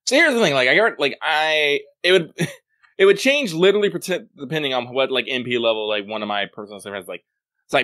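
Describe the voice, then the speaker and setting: A man co-hosting a podcast in casual chat, making wry, deadpan jokes. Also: fairly quick, no echo, studio quality. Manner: wry, deadpan jokes and lively swings in pitch. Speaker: podcast co-host.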